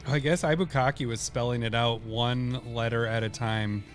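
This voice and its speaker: A man's voice: medium pitch, steady tone, normal speed, soft background music. A man co-hosting a podcast in casual chat, teasing and laughing often. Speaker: podcast co-host.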